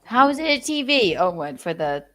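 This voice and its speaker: A woman's voice: medium pitch, very animated, normal speed, sharp tone, soft background music. A woman hosting a casual livestream chat, jokey and rambling, swearing and trailing off as she hunts for words. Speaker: host.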